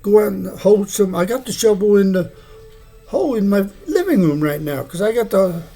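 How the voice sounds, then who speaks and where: A man's voice: sits high, animated, moderate pace, mellow, faint music behind. A man in his sixties rambling through a loose, free-associating monologue at home, often chuckling between thoughts. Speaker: video blogger. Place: his home, living room.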